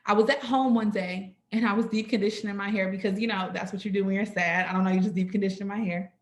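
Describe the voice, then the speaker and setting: Her pitch sits in the middle and she talks quickly as she recounts something from her own life to a sorority orientation audience. Animated throughout, she often checks in with "right?" and calls the group "y'all," all captured in an echoey space.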